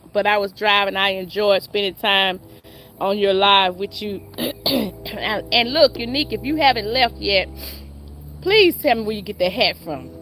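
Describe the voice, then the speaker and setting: A woman's voice: a little high, fairly bright tone. A woman, chatting and laughing with viewers on a casual live stream. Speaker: livestream host.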